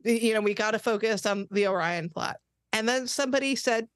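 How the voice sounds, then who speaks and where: A woman co-hosts a casual podcast, her voice a little high as she muses with amusement. The sound is close and dry. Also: moderate pace, no room sound. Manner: amused, musing. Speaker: podcast co-host. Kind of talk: casual chat.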